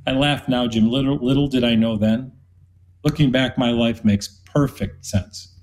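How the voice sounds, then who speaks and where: A man's voice: medium pitch, darkish tone, rough recording. A man in his fifties, an interview guest giving an earnest personal testimony and acting out the dialogue he quotes. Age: 50s.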